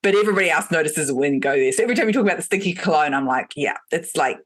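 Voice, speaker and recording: A woman's voice: deep voice, animated, rapid-fire. A woman with a New Zealand accent, a business coach guest talking in a chatty, friendly way. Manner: chatty, friendly, uses fillers. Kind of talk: casual podcast chat.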